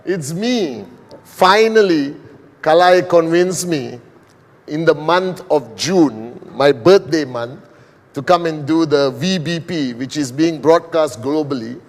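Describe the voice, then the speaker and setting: Middle-aged Malaysian man, slightly high voice, deliberate sales presenter in a reverberant hall. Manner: slow, deliberate, with frequent "all right" and "okay". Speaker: business presenter.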